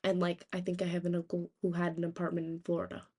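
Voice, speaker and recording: A young woman from the United States, a streamer telling rambling, animated stories in casual chat, swearing freely. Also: fairly low pitch, fast, slightly rough.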